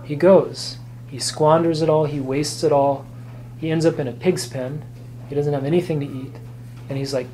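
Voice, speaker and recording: A man, a priest teaching a catechism class, explaining gently and earnestly with fillers and restarts. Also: a little high, steady tone, normal speed, a little hiss or hum, low-quality recording. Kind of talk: catechism lecture. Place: church classroom.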